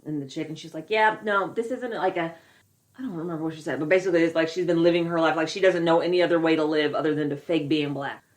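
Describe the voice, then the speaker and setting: A woman with a lowish voice co-hosts a casual podcast chat. She is outspoken and incredulous, often swearing as she reacts. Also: fairly even intonation, rapid-fire, hardly any pauses, darkish tone. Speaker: podcast co-host.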